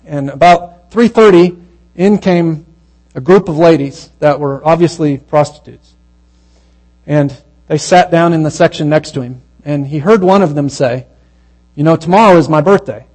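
Preacher, man, slightly high voice, relaxed storytelling sermon, low mains hum under it. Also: poor audio. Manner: conversational storytelling that grows hushed and slow at the moving parts.

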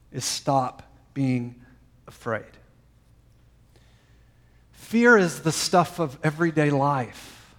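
Man preaching with soaring and hushed turns. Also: a little high. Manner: dynamic preaching, dropping to soft quiet phrases. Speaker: pastor. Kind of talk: sermon.

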